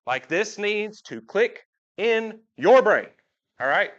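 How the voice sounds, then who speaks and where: A man preaching in a relaxed, folksy way, turning to the pews with questions. His voice sits a little high for a man. The church livestream audio is dull and muffled. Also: slow pace. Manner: folksy, talks with the congregation, asks them questions. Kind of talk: casual sermon. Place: church sanctuary.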